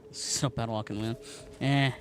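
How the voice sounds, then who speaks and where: A man's voice: medium pitch, fairly even intonation, moderate pace, a little hiss or hum. A man with a Southern US accent chatting casually and jokingly while streaming a game live. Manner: chatty, joking, talks to his cat and chat.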